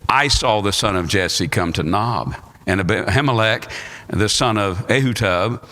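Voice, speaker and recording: A man's voice: fairly low pitch, unhurried, pushed and bright. An American man, a pastor, reading scripture aloud and preaching a Sunday school sermon, his voice swinging up for emphasis. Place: church sanctuary. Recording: live church recording with long reverb.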